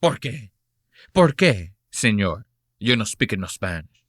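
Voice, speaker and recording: A man putting on a mocking, high-pitched voice as a scolding stranger who speaks broken English. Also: big pitch swings, a little slow, a bit bright, no room sound, clean studio sound, heavily acted. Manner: mocking, exaggerated.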